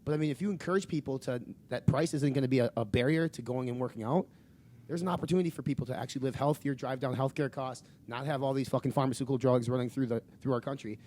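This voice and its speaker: A man co-hosting a casual podcast, driving his points home with blunt swearing. He talks quickly and presses hard on each point. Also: mid-range voice, a little mellow. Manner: emphatic, profane ranting. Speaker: podcast co-host.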